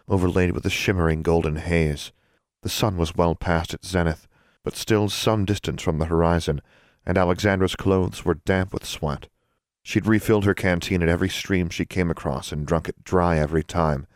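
A man narrating an audiobook in a steady, even storytelling voice. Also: sits low, moderate pace, no echo, clean studio sound.

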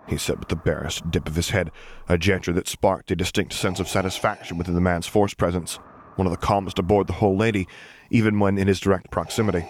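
Deep-voiced man reading a story. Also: steady tone, fast, slight background noise. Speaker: audiobook reader. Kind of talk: scripted narration.

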